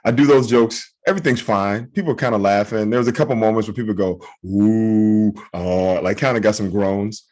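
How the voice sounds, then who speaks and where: A man with a fairly low voice co-hosts a casual podcast, spinning lively comedy anecdotes. He slips into voices for the people in his stories, with animated swings in delivery. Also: fast, few pauses. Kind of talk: casual storytelling chat.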